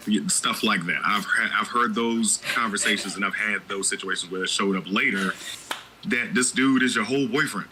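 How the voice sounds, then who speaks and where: A man's voice: lowish voice, moderate pace, bright, forceful tone, a little hiss or hum, low-quality recording. A man hosting a podcast, talking candidly and with strong opinions, with frequent restarts. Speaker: podcast host. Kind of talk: casual podcast chat.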